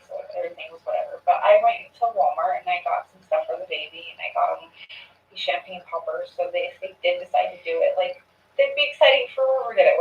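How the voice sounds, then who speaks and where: A woman recounting events to an interviewer in a loose, chatty way, retelling her text exchanges with lots of "I was like" and "she's like.". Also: on the low side. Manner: loose and chatty, with fillers and restarts. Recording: distant, echoey, dull archive recording.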